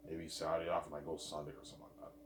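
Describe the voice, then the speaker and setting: A man's voice: a bass voice, monotone, racing, background noise. A young man rambling casually and profanely, often repeating and stumbling over his words. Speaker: vlogger. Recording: echoey room.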